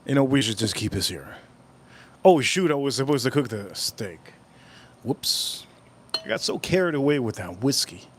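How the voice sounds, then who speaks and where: A man's voice: mid-range voice, very animated, moderate pace, long pauses, a little hiss or hum. A man hosting a casual livestream, rambling and repeating his phrases as he chats with viewers at home. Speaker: livestream host.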